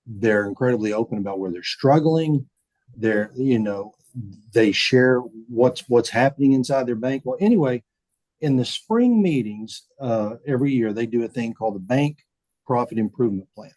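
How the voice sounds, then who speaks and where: Man, folksy storyteller, mellow dark voice, dry close sound. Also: mid-range voice, expressive, moderate pace, no echo, rough recording. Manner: folksy, repeats words, acts out quotes. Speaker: bank CEO, podcast guest. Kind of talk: casual storytelling interview.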